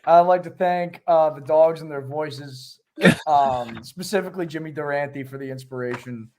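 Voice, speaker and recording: A man's voice: fairly high pitch, normal speed, warm tone, slight background noise. A man giving a hesitant, joking mock acceptance speech in a casual livestream chat. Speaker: game show winner.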